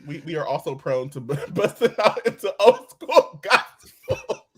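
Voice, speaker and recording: Husky giggly male co-host. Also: fairly high pitch, wildly swooping pitch, measured pace, a bit bright. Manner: giggly, playful banter. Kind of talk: casual livestream chat.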